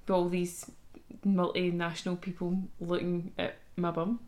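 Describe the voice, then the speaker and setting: A woman's voice: on the low side, monotone, unhurried, darkish tone. A woman chatting casually on a podcast, adding to shared travel stories. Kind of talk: casual chat.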